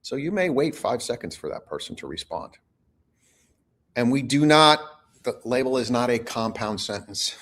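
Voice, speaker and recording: A man, a negotiation expert guest, explaining techniques in a measured, instructive way during an interview. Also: mid-range voice. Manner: measured, instructive, teaches in short points.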